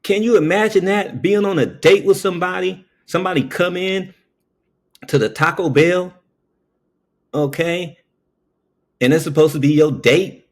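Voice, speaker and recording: A man telling a story in a casual monologue. He checks in with "okay?" after nearly every phrase and jumps up in pitch when he acts out quoted voices. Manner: slow, keeps saying "okay?" between phrases.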